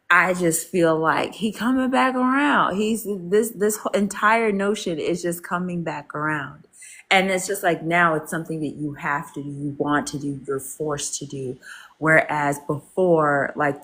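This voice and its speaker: A woman's voice: low-pitched, a bit bright. A woman joining a book discussion over a video call, talking animatedly with many fillers and acted-out quotes. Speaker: discussion participant. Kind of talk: casual literary discussion.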